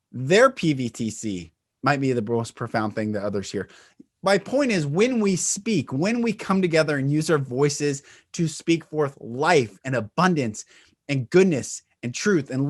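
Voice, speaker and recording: A man speaks in an earnest, inspirational tone about finding one's voice. His voice sits a little higher than most men's. He keeps shifting pitch, volume and pace to demonstrate. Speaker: speaker and retreat leader. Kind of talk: inspirational spiritual talk.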